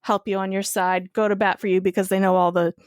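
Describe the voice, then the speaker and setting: A woman co-hosting a podcast, telling a personal story in a casual, animated way and swearing freely. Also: medium pitch, fast talker, clean tone, no echo, clean studio sound. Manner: animated, swears freely, acts out quoted voices. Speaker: podcast co-host.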